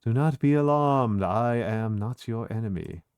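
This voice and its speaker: A man voicing a gentle, polite young monster prince who speaks softly and formally. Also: mid-range voice, a little slow, clear, resonant tone, no echo, studio quality, natural voice. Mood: courteous. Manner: soft, courteous, formal.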